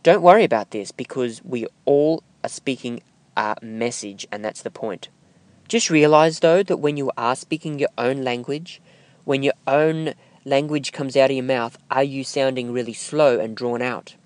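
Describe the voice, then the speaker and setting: A man teaching voiceover technique, speaking slowly and deliberately with emphatic pauses. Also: mid-range voice, darkish tone, no echo. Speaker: voiceover instructor. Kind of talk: instructional talk to camera.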